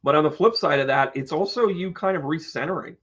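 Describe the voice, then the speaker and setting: A man's voice: on the high side, quick pace, a bit bright, husky, highs cut off. A man hosting an astrology live stream, chatty and joking, talking to his viewers by name. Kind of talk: casual live stream chat.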